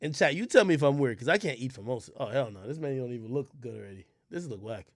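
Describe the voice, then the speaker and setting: Loud incredulous young man, dry mic. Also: medium pitch, animated, quick pace, no room sound. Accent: New York. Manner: loud, incredulous ranting while reading a menu aloud. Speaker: streamer. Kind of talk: casual livestream chat.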